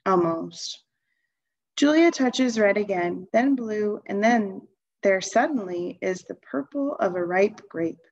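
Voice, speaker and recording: A woman reading a children's novel aloud in a calm, even storytelling voice. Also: medium pitch, gravelly, highs cut off. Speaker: reader.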